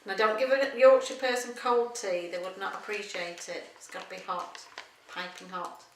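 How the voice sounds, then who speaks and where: A woman's voice: mid-range voice, steady tone, normal speed, background noise. A middle-aged woman, chatting in a casual interview, rambling and laughing often. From England. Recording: echoey room, mic at a distance.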